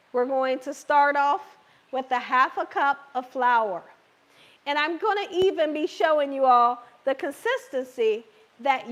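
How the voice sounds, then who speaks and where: A woman hosts a cooking channel's live demonstration from her home kitchen, her voice hoarse, scratchy, and sitting high. She chats reassuringly and keeps checking in with her viewers.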